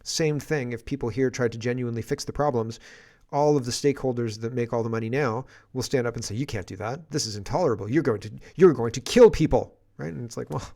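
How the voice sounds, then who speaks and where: A man hosting a political commentary stream, talking in a rambling, exasperated and sarcastic way. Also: mid-range voice.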